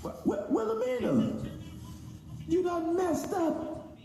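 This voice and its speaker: A man's voice: very high voice, wildly swooping pitch, slow, gravelly, warm tone, voice pushed up, full character voice. A man voicing a frantic, whining customer who scolds his failed company, in an echoey room. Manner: exasperated, whining.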